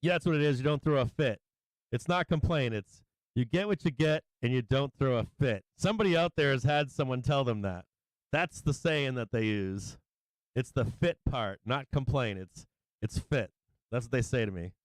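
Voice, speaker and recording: A middle-aged man with a mid-range voice hosts a casual stock market livestream at a moderate pace, talking through charts, laughing often, breaking into sing-song chanting and swearing freely. There's no echo.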